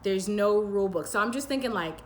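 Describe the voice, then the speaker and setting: Woman tarot reader, mid-pitched, meandering and soothing, faint room hum. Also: fairly quick. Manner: rambling and intuitive, many "like" fillers and restarts. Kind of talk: pick-a-pile tarot reading.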